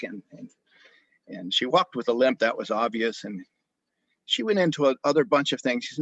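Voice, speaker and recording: Male doctor, husky mid-pitched voice, dry muffled video-call sound, lively storyteller. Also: brisk, no echo. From grew up in Japan. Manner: animated storyteller, frequent restarts. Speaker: osteopathic family physician. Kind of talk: storytelling interview.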